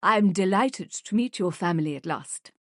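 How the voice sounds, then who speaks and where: A charming, stylish woman with a faint German accent, played by a woman narrating an audiobook. Her friendly talk sits at a mid pitch. The reading is dry and close to the mic. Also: expressive, normal speed, a bit bright, no room sound, natural voice. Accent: slight German.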